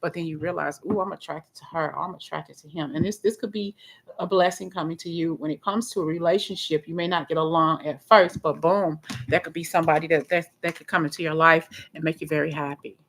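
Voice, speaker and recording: A woman's voice: deep voice, steady tone, fairly quick, a bit bright. A woman giving a live tarot reading, talking in a chatty, rambling way and often repeating her words. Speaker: tarot reader.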